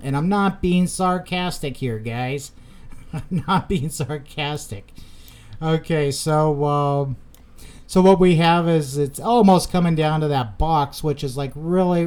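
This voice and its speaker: A man's voice: a little high, a little mellow, a little hiss or hum. Chatty man rambling over a chart. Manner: rambling, self-correcting, chatty asides to viewers; pumped-up bursts addressing viewers. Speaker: crypto chart vlogger. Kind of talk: casual screen-share chart commentary.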